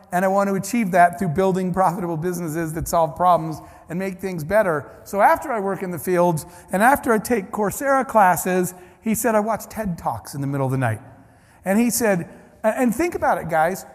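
High-voiced man telling stories in a hall. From Ohio, United States. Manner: animated storyteller acting out dialogue. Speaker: keynote speaker. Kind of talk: storytelling keynote speech. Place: large conference hall. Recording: long hall reverb.

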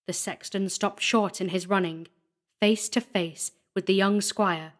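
A woman reads a gothic horror tale aloud at an unhurried pace, every phrase measured and deliberate. Her voice sits in a middle pitch, with the careful shape of scripted narration. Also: steady tone. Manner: slow, deliberate storytelling.

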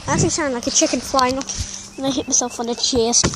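High-pitched woman vlogging on a farm, rambly and chatty, loud outdoor noise and animals behind. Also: fairly even intonation, quick pace. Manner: rambling, self-correcting, chatty. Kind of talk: casual vlog chat. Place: outdoors on a farm among chickens. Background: loud outdoor noise and animal sounds.

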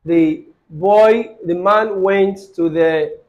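Brief: male tutor with a high voice, patient, checks in often, repeats each phrase slowly. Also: a little mellow, lo-fi sound. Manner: asks the student questions and repeats phrases slowly. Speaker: Arabic grammar teacher. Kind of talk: live online lesson with a student.

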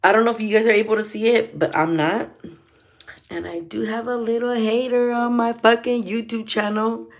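A woman's voice: on the high side, steady tone, normal speed. Profane middle-aged woman. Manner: profane, switches between English and Spanish. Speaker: vlogger. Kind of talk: casual vlog rant.

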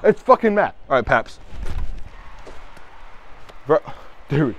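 A young man giving excitable, swearing commentary while playing a motion-control sports game at home. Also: on the high side, slow pace, muffled recording, slight background noise. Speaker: gaming YouTuber. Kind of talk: gameplay commentary.

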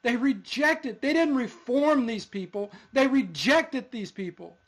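A man's voice: extremely high pitch, a little slow, a bit bright. A male pastor giving an earnest, emotional sermon in a church.

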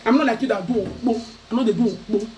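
A Nigerian woman vlogger ranting loudly to camera in a mocking, scolding way. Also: a little high, fast, slight background noise. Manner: loud, mocking, switching into Pidgin. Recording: voice a bit far from the mic.

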